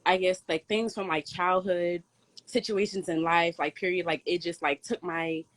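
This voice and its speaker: A young woman chatting casually about a personal experience, relaxed and full of "like". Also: fairly low pitch, moderate pace. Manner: relaxed, filler-heavy, says "like" a lot. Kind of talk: casual chat.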